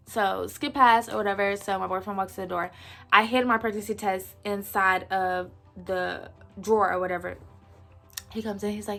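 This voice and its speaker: A young woman in her twenties tells a story from her own life in a relaxed, slangy vlog voice. There is a gravelly fry running through her speech, and faint music plays underneath. She acts out the quoted lines as she goes. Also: mid-range voice, a little fast. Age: 20s. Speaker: vlogger. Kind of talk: casual storytime.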